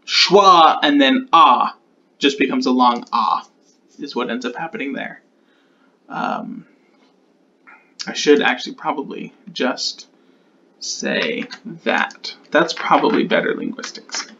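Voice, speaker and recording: A man in a relaxed walkthrough explains linguistic rules, pausing to think and fix his own mistakes along the way. His voice sits at an ordinary middle pitch. The recording sounds slightly dull and lo-fi. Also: slight background noise. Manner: thinks aloud, corrects himself mid-sentence. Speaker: conlang creator explaining sound changes.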